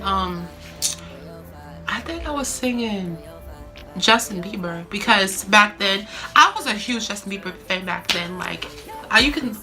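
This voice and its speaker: A young adult woman vlogger telling a story in a chatty, animated way, full of fillers. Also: mid-range voice. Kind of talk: casual storytime.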